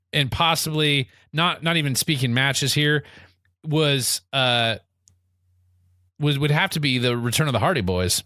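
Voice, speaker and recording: A man co-hosting a podcast in loose, joking chat, spinning exaggerated stories with lots of restarts. His voice is bright and forceful, and the sound is close and dry. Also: medium pitch, no room sound. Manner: rambling, exaggerated comic storytelling. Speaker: podcast co-host. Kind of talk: casual comedic chat.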